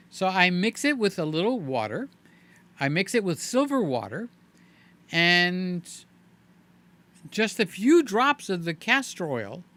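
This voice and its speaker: Seventies male streamer, lively pitch, bright voice, loose joking chat. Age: 70s. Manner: chatty, animated, joking asides. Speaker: live-stream host. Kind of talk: casual live-stream chat.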